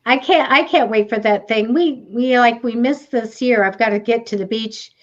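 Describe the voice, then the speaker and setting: A woman's voice: a little high, normal speed, highs cut off. A woman co-hosting a live psychic show, talking in a chatty, rambling way and laughing often. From United States. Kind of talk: casual chat.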